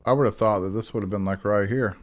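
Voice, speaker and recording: A young man with a fairly low voice gives casual let's-play commentary as a gaming channel host. He rambles on and talks to himself between actions. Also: fairly even intonation, fast. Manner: chatty, rambling, self-talking.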